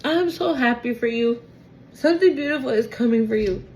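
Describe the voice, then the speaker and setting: A woman's voice: fairly high pitch, lively intonation, normal speed, darkish tone, slight background noise. Emotional young woman giving a tarot reading. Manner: emotional, exclamatory, slangy, swings to near tears. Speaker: tarot reader. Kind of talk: casual tarot reading to viewers.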